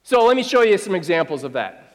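Brief: male pastor with a high voice, emphatic and conversational sermon delivery, long hall reverb. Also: very animated, fast talker. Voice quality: emphatic and conversational, with wry asides.

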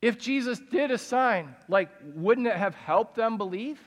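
A man's voice: very high-pitched, animated, a little slow, big-room sound. A man giving a conversational sermon as pastor, often asking his listeners questions. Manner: conversational, asks the audience questions.

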